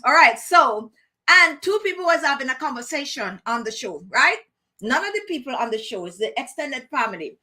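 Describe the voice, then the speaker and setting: A woman's voice: high voice, big pitch swings, normal speed, sharp tone. A woman hosting a casual chat show for her viewers, talking directly to them in a chatty way and often repeating herself. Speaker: beauty channel host.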